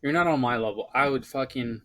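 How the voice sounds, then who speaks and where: A man's voice: medium pitch, a little fast, fairly bright tone, a little hiss or hum. A young man co-hosting a podcast, talking in brash, profane, teasing banter. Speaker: podcast co-host.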